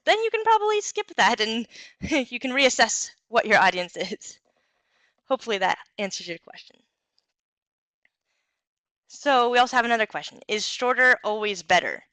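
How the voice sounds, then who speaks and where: A young woman giving an instructional talk on communication skills, clear and encouraging, with occasional fillers. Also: a little high, big pitch swings, moderate pace, long pauses, bright, forceful tone, no room sound.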